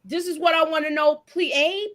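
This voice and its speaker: Woman, live-stream host, AAVE speaker, animated and chatty, slightly high voice. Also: normal speed. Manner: animated, chatty, greets viewers, laughs often. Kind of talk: casual live recap chat.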